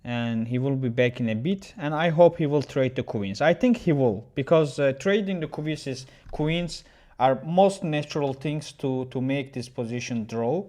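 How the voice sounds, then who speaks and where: Halting male chess streamer. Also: medium pitch, animated, a little mellow. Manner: halting, with many restarts, chatting with viewers. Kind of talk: casual livestream chat.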